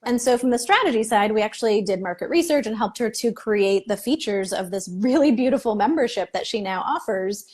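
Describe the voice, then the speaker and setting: A woman guest on a video-call interview, upbeat and clear as she explains how she helps her clients. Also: medium pitch, animated, brisk, few pauses, darkish tone. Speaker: business mentor guest. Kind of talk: casual interview chat.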